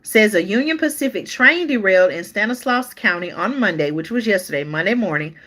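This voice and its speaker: A woman's voice: medium pitch, lively intonation, brisk, fairly bright tone. A woman hosting a live-stream news show, reading articles aloud in a chatty way and talking straight to her viewers, often stopping to restart or look things up.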